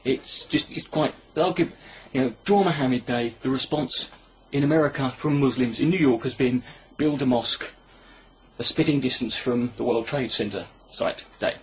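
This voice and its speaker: A comedy vlogger films himself at home on his camera's built-in mic, rambling through a crude, sarcastic monologue. His voice sits in the mid range at a moderate pace, with a slight hiss or hum in the background.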